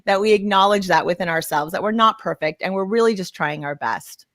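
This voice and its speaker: A woman's voice: mid-range voice, fairly quick, dry recording, clean studio sound. A middle-aged woman co-hosting a casual podcast, telling stories animatedly and laughing at herself. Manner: animated storyteller who acts out her own yelling. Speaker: podcast co-host. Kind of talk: casual chat.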